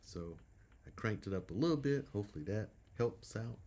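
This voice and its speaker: A middle-aged man chats casually as he hosts a live art stream, his lowish voice soft and a little hoarse from a cold. He rambles along and keeps clearing his throat. A faint hiss sits under the desk-mic recording. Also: animated, brisk. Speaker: host of a live drawing stream.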